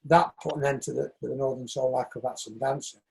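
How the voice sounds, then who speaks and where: A man in his sixties, a shoemaker and dance coach, telling lively stories in a casual interview and acting out other people's voices. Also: medium pitch, fairly quick, gravelly, breathy edge, rough recording. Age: 60s. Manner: animated storyteller, acts out quoted voices.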